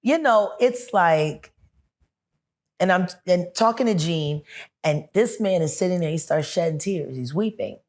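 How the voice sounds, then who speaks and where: A woman's voice: lowish voice, lively intonation, measured pace, darkish tone. A woman guest in a casual interview, telling a story with energy and acting out the people she quotes.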